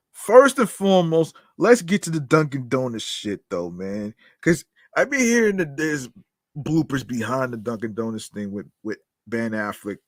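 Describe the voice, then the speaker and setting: A man's voice: mid-range voice, no echo, studio quality. A man hosting a podcast, reading news stories aloud with casual commentary, swearing freely, laughing at his own asides and stumbling over words as he reads. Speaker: podcast host.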